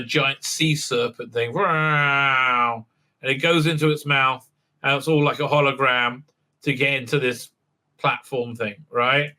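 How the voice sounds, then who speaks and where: A man's voice: medium pitch, bright, forceful tone, clean tone. A man hosting a show, giving a rambling casual episode recap with lots of fillers and mocking asides. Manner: halting, many fillers, acts out quotes in silly voices. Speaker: show host reviewing a TV episode.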